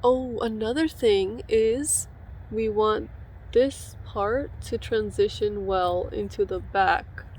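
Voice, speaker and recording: A young woman chatting casually and excitably as she cuts her own hair in a home vlog, sprinkling in "like" often. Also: medium pitch, slow pace, slight background noise. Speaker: beauty vlogger. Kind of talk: casual tutorial chat.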